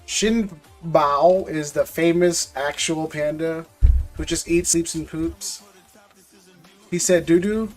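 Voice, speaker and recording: A man's voice: fairly high pitch, slow, faint music behind. A man hosting a live stream, chatting casually and jokingly with viewers in loose slang, often repeating words as he goes. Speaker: live-stream host opening trading card packs.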